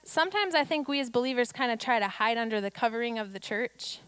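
A woman's voice: fairly high pitch, expressive, quick pace, fairly bright tone, smooth, no echo. A woman pastor delivering a conversational sermon, reading scripture and building to emphatic declarations.

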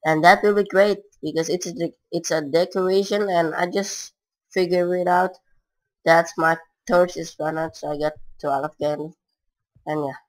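A woman's voice: lowish voice, steady tone, normal speed, low-quality recording. A woman giving casual, rambling gameplay commentary in broken non-native English, with frequent filler words. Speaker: gamer.

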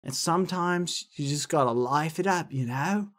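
A man's voice: fairly high pitch, normal speed, fairly bright tone. A man streaming live, chatting casually in a rambling, jokey way.

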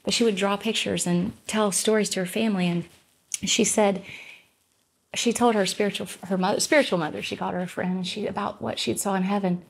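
A woman's voice: fairly even intonation, fairly quick, vocal fry, slightly rough. A woman guest telling a heartfelt personal story in casual conversation, earnest, often restarting and correcting herself, and lifting her voice to act out the people she quotes. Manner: acts out quoted voices with lifted pitch. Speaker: guest, gospel singer.

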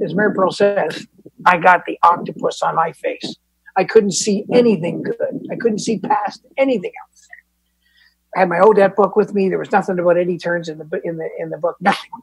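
This is a high-pitched, creaky, husky male voice at normal speed, captured in poor audio without echo. He's a Canadian Al-Anon speaker telling a candid, self-deprecating recovery story at a support group meeting. His manner is casual, with fillers and restarts.

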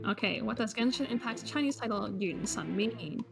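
A woman's voice: on the high side, lively intonation, unhurried, creaky, breathy edge. A woman hosting a live online quiz lesson, teasing and joking with players, switching between English and Cantonese with a Cantonese accent. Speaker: quiz host and teacher. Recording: music playing behind the voice.

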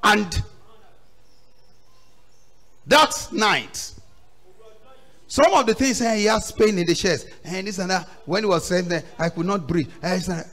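A man preaching a sermon, swinging from loud outbursts to low drops and acting out voices in his stories. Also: measured pace, pauses often. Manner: acts out quoted voices in the story. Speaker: pastor.

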